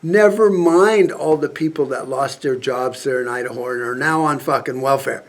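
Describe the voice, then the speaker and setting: A man's voice: medium pitch, normal speed. A man vlogging a profane political rant, angry and sarcastic, swearing constantly. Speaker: prepper vlogger.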